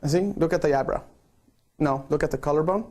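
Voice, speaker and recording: Man, slightly high voice, photographer coaching a group, playful and coaxing. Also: fast talker, darkish tone. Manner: playful, coaxing, repeats okay. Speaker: photographer directing a group shoot. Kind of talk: live-streamed instruction.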